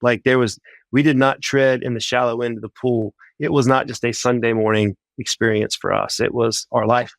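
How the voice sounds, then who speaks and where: A man of middle pitch tells his faith testimony in a relaxed, animated way. He scatters "like" through his speech and voices his own thoughts as quotes. The recording is close and dry. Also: normal speed, no room sound. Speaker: guest sharing a faith testimony. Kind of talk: casual storytelling.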